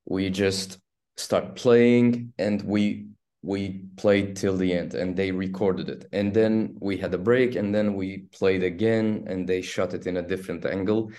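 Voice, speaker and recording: A man from Turkey with a Turkish accent, an actor telling stories in an interview, halting and restarting as he goes. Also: sits low. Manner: halting, restarts often, animated storytelling. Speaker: actor guest. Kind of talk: casual interview storytelling.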